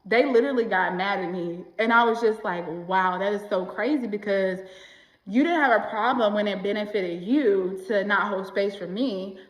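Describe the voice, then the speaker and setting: Animated slangy woman in an echoey room. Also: mid-range voice. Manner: animated and slangy, acts out quoted voices. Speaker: self-help vlogger. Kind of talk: casual motivational talk to camera.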